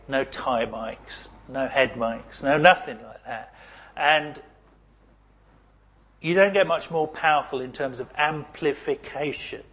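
A middle-aged man preaching a sermon. He swings between loud emphasis and near-whispered asides. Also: mid-range voice, breathy edge.

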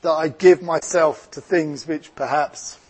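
Slow, husky-voiced Essex preacher. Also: male voice, on the high side, fairly even intonation. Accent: Essex English. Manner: earnest, reflective, slow preaching with personal stories. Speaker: pastor. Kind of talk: sermon.

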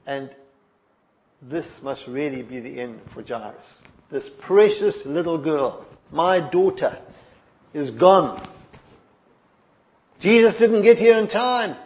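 A man with a high-pitched voice preaches a morning sermon. He retells the stories with lively expression, sinking to hushed lines and then climbing to emphatic ones. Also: takes it slowly, pauses often. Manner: expressive storytelling, dropping soft then rising emphatic.

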